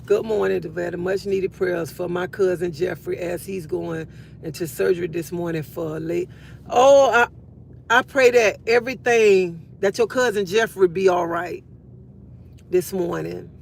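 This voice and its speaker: Grandma livestreaming while driving to work, lively storyteller, laughs a lot, soft car hum behind her. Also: on the low side, measured pace, gravelly. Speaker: livestream host. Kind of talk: casual chat with live viewers.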